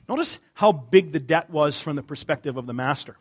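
A man preaching a sermon in a conversational way, asking rhetorical questions and dropping to quiet emphasis on key words. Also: mid-range voice, animated, fairly quick, few pauses, husky. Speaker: pastor.

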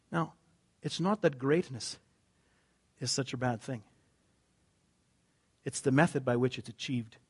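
A male pastor giving an earnest, conversational sermon, dropping his voice low for emphasis. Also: slightly rough.

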